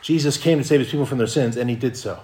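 A man's voice: mid-range voice, quick pace, dark tone. Earnest male pastor preaching a sermon. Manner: earnest, repeats words and restarts phrases.

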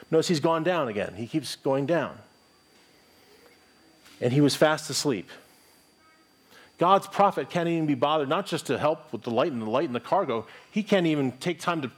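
A man's voice: a little high, slightly rough. A middle-aged pastor delivers a sermon in an earnest, conversational voice. He reads scripture aloud and restarts his phrases as he thinks aloud.

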